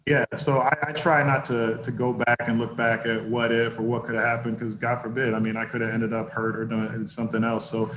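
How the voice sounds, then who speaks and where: Reflective former athlete in echoey room. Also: male voice, mid-range voice, completely flat delivery, a bit bright, slight background noise. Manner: reflective, measured, frequent restarts. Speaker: former football player, guest. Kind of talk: casual interview talk.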